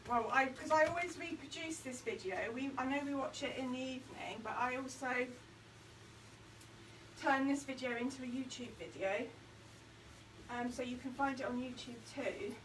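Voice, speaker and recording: A woman's voice: high-pitched, normal speed, echoey room. A woman born near Liverpool, chatting and laughing as she paints in a craft video. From born near Liverpool, England. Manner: chatty, laughing, animated storytelling. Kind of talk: casual chat while painting. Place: indoor craft studio, hot room. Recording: distant mic with noticeable background noise.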